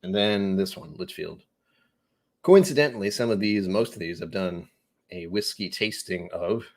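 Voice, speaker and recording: Here a whiskey channel host runs a live tasting stream, talking at a moderate pace in a low voice. He rambles casually, makes self-mocking jokes and reads out viewer comments.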